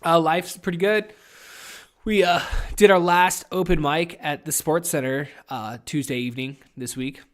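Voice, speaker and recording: A man's voice: fairly high pitch, normal speed. A young man hosting a podcast in casual, rambling solo chat, swearing constantly and getting over a head cold. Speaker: podcast host.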